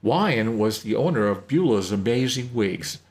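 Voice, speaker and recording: Male storybook narrator, low, lively intonation, gravelly. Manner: unhurried reading with occasional slips.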